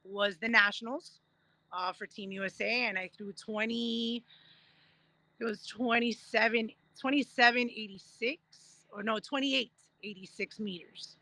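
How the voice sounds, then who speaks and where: A woman in her thirties, a guest telling her story in a casual interview, animated and acting out what others said. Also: fairly high pitch, a little slow, no echo. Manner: animated, acts out quoted voices while telling stories. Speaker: guest, Paralympic discus thrower.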